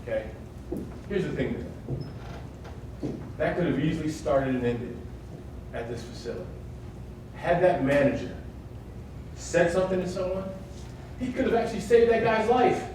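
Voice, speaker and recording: A man lectures to a live audience with an emphatic, higher-pitched voice, often checking in with his listeners as he makes his points. He is picked up from a distance, so his voice rings around a big echoey hall over a faint hiss of noise. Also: expressive, moderate pace, pauses often, darkish tone. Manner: emphatic, keeps checking in with "right?". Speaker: workshop speaker on workplace security. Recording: echoey hall, mic far off.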